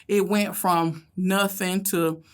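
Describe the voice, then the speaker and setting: A middle-aged woman with a Southern accent, a school bus driver telling animated stories in a conversational interview. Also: takes it slowly. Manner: animated storyteller, acts out kids and herself in loud high voices.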